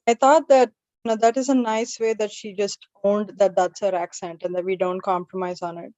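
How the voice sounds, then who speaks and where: A woman's voice: medium pitch, fairly even intonation, moderate pace, mellow, no room sound, poor audio. A woman hosting an open mic and doing stand-up, telling stories in a chatty, self-deprecating way. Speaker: open mic emcee and comedian.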